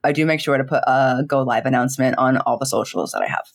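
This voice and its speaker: A young woman, a streamer, chatting in an interview in a giggly, animated way, full of fillers and quoted dialogue. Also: a bass voice, fast talker, vocal fry. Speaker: streamer and content creator. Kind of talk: casual interview chat.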